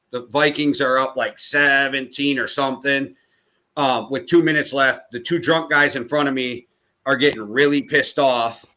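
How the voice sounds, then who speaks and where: A man's voice: mid-range voice, sharp tone. An American man from the Upper Midwest co-hosting a sports podcast, blunt and profane as he tells stories and vents. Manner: blunt, heavy swearing, storytelling. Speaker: podcast co-host. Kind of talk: casual sports chat.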